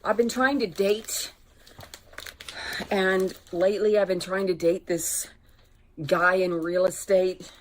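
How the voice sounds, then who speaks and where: A woman's voice: mid-range voice, steady tone, slow, long pauses, a little hiss or hum. A woman vlogger telling candid dating stories in a casual, conversational storytime way. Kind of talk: chatty storytime vlog.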